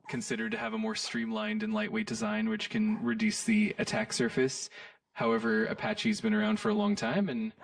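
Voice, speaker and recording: A man's voice: high-pitched, gravelly, far from the mic, a little hiss or hum. A synthetic male voice acting as an AI chat assistant, talking in an upbeat, agreeable and eager-to-help way. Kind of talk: conversational chat answers.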